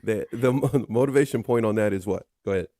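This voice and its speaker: A man hosting a relaxed podcast chat, full of teasing jokes and quick asides. He keeps nudging his guest to carry on. The sound is close and dry, with no room around it. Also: lowish voice, dry recording. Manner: joking, teasing, keeps handing over with "go ahead". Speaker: podcast host.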